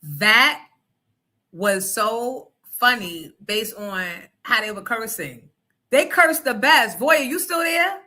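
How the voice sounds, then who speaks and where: Woman, show host, bright forceful voice, slightly high, animated, profane storytelling. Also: slow. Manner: animated, profane, laughs while telling stories. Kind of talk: casual chat show storytelling.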